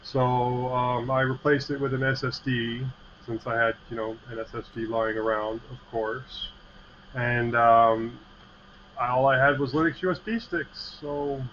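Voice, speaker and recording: A man's voice: mid-range voice, steady tone, measured pace, fairly bright tone. A man co-hosting a livestream, chatting in a rambling, friendly way about his gadgets. His voice sits mid-range and comes through a slightly dull mic, with a faint hiss underneath. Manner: rambling, friendly, tech-minded. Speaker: podcast co-host. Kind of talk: casual livestream chat.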